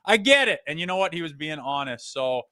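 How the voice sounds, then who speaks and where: A man co-hosting a hockey podcast in a lively, sarcastic, profane way. His voice is bright and sharp. It is recorded dry and close. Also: fairly high pitch, a little fast, no room sound. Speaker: podcast co-host. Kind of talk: casual sports chat.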